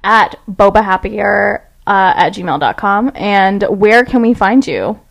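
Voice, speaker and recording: A woman co-hosting a casual podcast, reacting to a story with laughs and quick questions. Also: medium pitch, animated, vocal fry. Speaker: podcast co-host. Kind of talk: casual chat.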